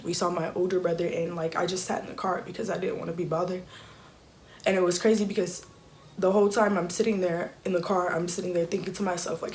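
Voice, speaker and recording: A young woman telling an emotional personal story in a halting, soft-spoken way with many fillers. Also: lowish voice, little pitch movement, noisy background. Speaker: YouTuber.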